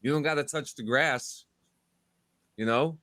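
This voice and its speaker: A man's voice: mid-range voice, a little slow, sharp tone, no room sound. A man hosting a casual podcast, rambling and restarting his sentences as he signs off. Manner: rambling, repeats words while starting sentences. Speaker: podcast host.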